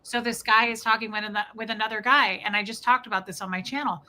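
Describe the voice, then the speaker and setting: A woman's voice: a little high, quick pace. A woman co-hosting a podcast, retelling a movie scene in casual chat, full of "like" fillers. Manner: animated storyteller, many "like" fillers. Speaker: podcast co-host.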